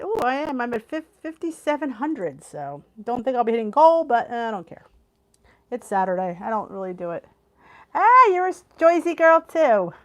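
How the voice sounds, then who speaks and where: On her weight loss channel's live stream, a middle-aged Philadelphia-area woman with a local accent chats with her viewers and laughs frequently. Her voice is on the high side with a darkish tone.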